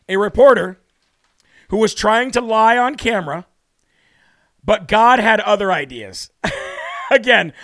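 A brash male talk show host with a high, smooth, clear voice. He mocks and laughs his way through the segment and talks straight to his audience. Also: fairly bright tone. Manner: brash, laughs often, mocking. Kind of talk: brash casual commentary.

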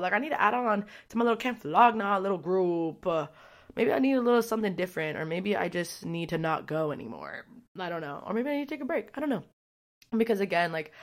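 A young woman hosting her own podcast, chatting casually and rambling, with lots of fillers and swearing. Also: on the low side. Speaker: podcast host. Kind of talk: casual solo podcast chat.

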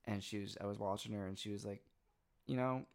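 A man's voice: on the low side, completely flat delivery, quick pace, vocal fry, a little mellow. A man in his twenties, a podcast co-host, telling personal stories in casual chat, rambling with lots of "like" and "you know". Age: 20s. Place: Los Angeles.

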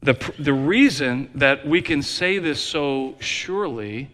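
Slow, bright-voiced preacher in a reverberant hall. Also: male voice, medium pitch, expressive. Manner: emphatic preaching with repeated phrases, varying loud and soft. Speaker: pastor. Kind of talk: sermon. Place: church sanctuary.

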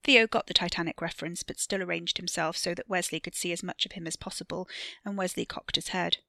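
A woman narrates her own serialized story in a steady, measured way. Her voice sits a little low but sounds bright and crisp, recorded very close and dry. Each sentence is delivered with calm control. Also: dry recording. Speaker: podcast author and narrator. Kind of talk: audiobook-style fiction narration.

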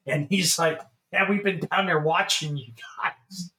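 A middle-aged man co-hosting a casual show, telling a long story in an animated way, swearing and laughing as he goes. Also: high-pitched, a little slow. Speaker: podcast co-host.

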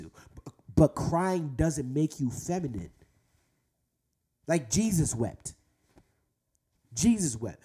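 A young man hosting a faith talk for men, preaching earnestly and slowing down to drive points home. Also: fairly high pitch, mellow, husky. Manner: earnest, exhorting, slows down for emphasis. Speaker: host speaking to men about faith.

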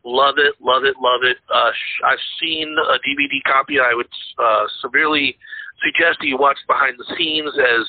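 A man's voice: medium pitch, fairly even intonation, normal speed. A man co-hosting a casual movie podcast, retelling film anecdotes and acting out the quotes. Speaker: podcast co-host. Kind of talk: casual chat. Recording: dry, tinny phone-like sound.

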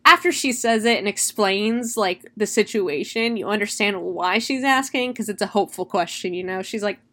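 A young woman casually recapping a horror film, chatty and animated, swearing freely. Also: medium pitch, moderate pace. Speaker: movie reviewer.

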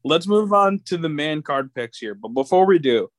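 A man's voice: medium pitch, big pitch swings, a little fast, hardly any pauses. A man co-hosting a casual podcast, defending himself in banter and moving the show on to the next segment. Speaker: podcast co-host.

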